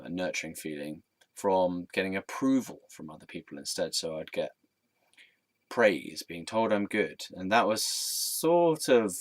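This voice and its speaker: Guy rambling through a personal story, really deep voice, dry close sound. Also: no echo. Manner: rambling and candid, with frequent ums and swearing. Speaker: vlogger. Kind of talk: reflective personal storytelling monologue.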